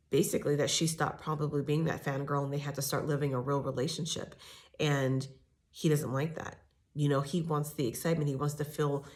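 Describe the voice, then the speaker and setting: A woman giving a casual, opinionated reality TV recap, chatty and full of fillers and restarts. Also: sits low. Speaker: TV recap host.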